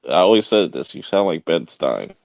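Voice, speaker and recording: A man's voice: deep voice, very animated, normal speed, creaky, darkish tone, no echo, dull audio. A man co-hosting a casual live-stream chat, laid-back and throwing in joking asides. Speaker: podcast co-host.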